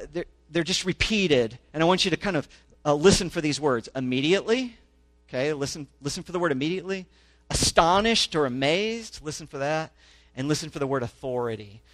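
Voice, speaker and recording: A man's voice: medium pitch, a bit bright, no room sound. A man preaching a sermon and reading scripture aloud, talking conversationally and checking in with his listeners, growing emphatic as he reads. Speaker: pastor. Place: church in a small town.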